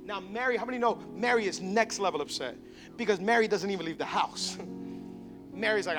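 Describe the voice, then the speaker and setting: A male pastor preaching an animated sermon in a church, acting out the characters he describes. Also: sits high, moderate pace, over music. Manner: animated, acts out biblical characters.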